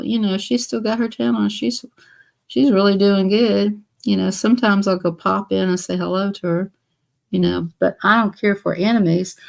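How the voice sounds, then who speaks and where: Woman, lowish gravelly voice, rambling casual live-stream chat. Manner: rambling, chatty, repeats herself.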